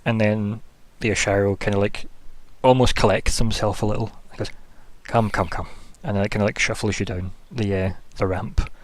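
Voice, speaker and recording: A man's voice: on the low side, fairly even intonation, fairly quick, hardly any pauses, dry recording. A man narrating a tabletop game as game master, rambling casually with plenty of fillers. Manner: rambling, loose, full of fillers like "kinda" and "like".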